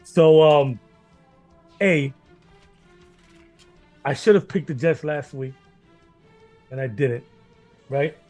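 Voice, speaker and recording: A man's voice: a little high, slow, long pauses, darkish tone, dry recording, soft background music. A man hosting a casual sports betting chat, rambling, repeating himself, laughing and swearing often. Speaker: sports betting podcast host.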